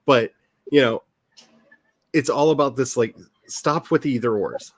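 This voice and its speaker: A man hosting a casual talk among writers, chatty and animated, often restarting his sentences. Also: mid-range voice, unhurried, no echo. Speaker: author and channel host. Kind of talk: casual chat.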